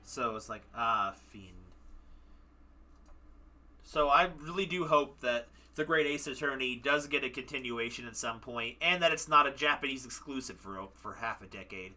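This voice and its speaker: This young livestreamer talks at a normal speed in a mid-range voice that's bright and forceful. Tired and self-deprecating, he rambles casually about a game he's just completed as he wraps up the stream.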